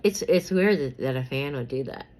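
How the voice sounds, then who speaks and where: A woman's voice: a bass voice, lively intonation, moderate pace, a little mellow, low-quality recording. A woman chatting casually about celebrity gossip while doing her makeup, rambling with many fillers and repeats, and sometimes whispering names as she pulls cards.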